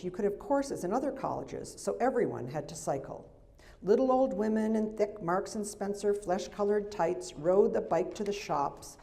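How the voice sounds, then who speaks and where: A woman in her sixties from the United States reads her memoir aloud at a festival event. Her voice is low and mellow. She slips into wry, chatty asides between passages. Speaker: memoir author. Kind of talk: reading from a memoir to an audience. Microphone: microphone.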